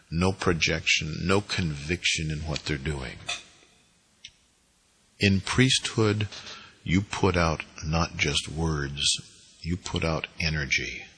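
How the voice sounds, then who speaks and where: A man with a husky voice giving an emphatic, deliberately inflected spiritual lecture on priesthood. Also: a bass voice, fairly bright tone, low-quality recording. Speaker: spiritual teacher.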